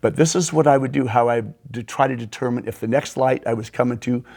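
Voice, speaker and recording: A man hosting a podcast, telling animated anecdotes in a casual storytelling style and throwing in sound effects. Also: mid-range voice, fast, vocal fry. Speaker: podcast host.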